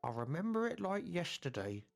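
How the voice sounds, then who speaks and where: A man's voice: on the high side, big pitch swings, fairly quick, gravelly, soft background music. An actor playing a prim, lonely adult man still ruled by his mother, speaking in a formal, mild and wistful way.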